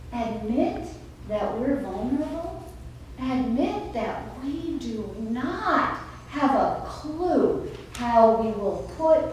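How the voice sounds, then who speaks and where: A woman pastor preaches in a high voice at a very unhurried pace, leaning on dramatic pauses. Her words ring around a large echoey sanctuary, caught from a distance with a faint hiss underneath. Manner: emphatic, with dramatic pauses and storytelling. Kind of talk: sermon. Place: church sanctuary.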